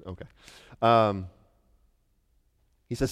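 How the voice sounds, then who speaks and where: A middle-aged man from the United States, a pastor preaching an emphatic sermon that moves between quiet and loud. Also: medium pitch, animated, normal speed. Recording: long reverb of a large hall.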